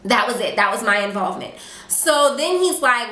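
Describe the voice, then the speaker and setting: A young woman vlogger telling a casual storytime, chatty and animated, full of fillers and quoted asides. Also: fairly high pitch, fast. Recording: echoey room.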